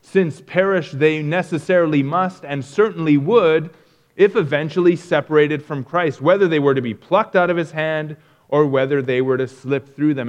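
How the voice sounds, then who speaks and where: Man, theology lecturer, slightly higher voice, earnest, emphatic, restarts phrases, recorded lecture. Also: moderate pace. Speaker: theology teacher. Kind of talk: lecture reading and explaining quoted texts.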